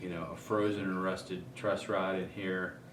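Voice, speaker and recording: Deep-voiced man explaining guitar setup. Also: a little slow, roomy sound, noisy background. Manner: relaxed, thinking aloud with many ums. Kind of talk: casual demonstration.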